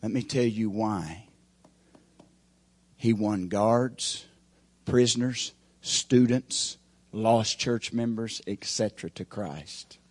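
A husky male pastor preaching in a church, his voice rising to shouts and dropping to near whispers as he drives his points home. The sound is dry and close, with folksy turns of phrase throughout. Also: fairly low pitch, takes it slowly, no room sound. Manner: preacherly, swings from shouting peaks to hushed lines. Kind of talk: sermon.

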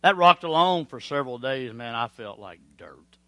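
Preacher guy, middle-aged, bright sharp voice, dry close sound, goes soft then loud. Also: mid-range voice, expressive, moderate pace, dry recording. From Oklahoma. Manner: swings from hushed pleading to loud storytelling. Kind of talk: sermon with altar call and personal story.

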